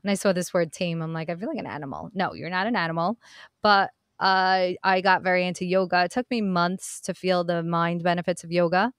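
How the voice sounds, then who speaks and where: A woman's voice: fairly low pitch, level tone, a little fast, smooth, no room sound, studio quality. A woman hosting a self-help podcast, talking earnestly and encouragingly to her listeners in a casual, direct way. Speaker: podcast host. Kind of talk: motivational self-help talk.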